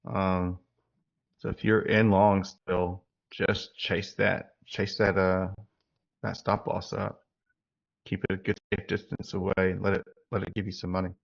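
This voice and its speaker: A man's voice: sits low, little pitch movement, measured pace, gravelly. A man co-hosting a casual trading livestream, commenting on the market and coaching viewers. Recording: dull lo-fi call audio.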